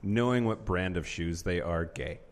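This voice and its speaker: A man's voice: low-pitched, big-room sound. A man co-hosting a live podcast, cutting in with short, dry jokes. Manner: quick dry interjections and jokes. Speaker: podcast co-host.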